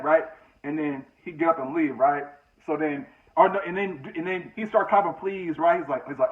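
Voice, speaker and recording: A man's voice: on the high side, normal speed. A man casually telling a personal story, conversational and full of restarts. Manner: conversational, many fillers and restarts. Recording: tinny phone-like audio.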